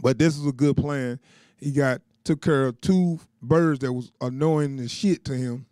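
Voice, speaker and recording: A man's voice: medium pitch, a little slow, mellow, no echo, studio quality. A man giving a casual, loose recap of a TV episode, chuckling often and leaning on filler words. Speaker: TV show reviewer.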